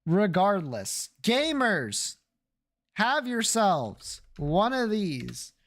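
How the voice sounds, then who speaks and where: A game streamer in casual chat with viewers, joking and swearing freely. The speech is slow and drawn out. The pitch swings in a lively, animated way.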